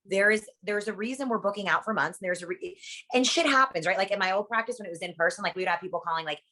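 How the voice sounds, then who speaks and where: A woman who coordinates surgery patients, chatting in an interview in a rapid, animated and blunt way, swearing freely and often asking "you know what I'm saying?". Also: mid-range voice. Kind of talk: casual interview chat.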